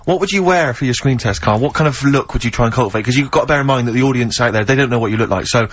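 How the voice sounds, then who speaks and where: A man co-hosting a radio talk show, chipping in with dry, quick-witted remarks. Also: mid-range voice, fairly bright tone. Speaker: radio co-host. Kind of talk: radio banter. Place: radio studio. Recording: dull lo-fi radio recording.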